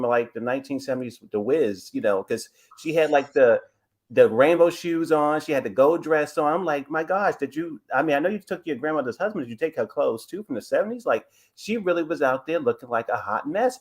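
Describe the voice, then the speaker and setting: A man calling in to a live show, giving rambling, gossipy commentary on a reality TV episode. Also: on the high side. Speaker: caller. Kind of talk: casual call-in commentary.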